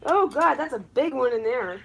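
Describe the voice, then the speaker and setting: A woman's voice: high voice, expressive, normal speed, gravelly, a bit bright, husky. A woman streaming casually, swearing and stammering as she chases loose crickets into a cage. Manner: frustrated, swearing, stammering restarts. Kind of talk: casual live stream talk.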